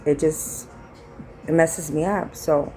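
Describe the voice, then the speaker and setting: A woman's voice: low voice, fairly even intonation, slow pace, warm tone, soft background music, low-quality recording. A middle-aged woman, telling a rambling, blunt story in a casual vlog and acting out what people said. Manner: rambling, blunt and salty, reenacting dialogue. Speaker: vlogger.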